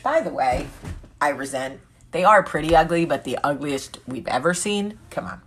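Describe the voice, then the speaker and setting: A low, husky woman in her forties chats freely with her viewers. She is candid and joking, and reads their comments aloud and answers them on the spot. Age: 40s. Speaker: vlog host. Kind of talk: casual live chat with viewers.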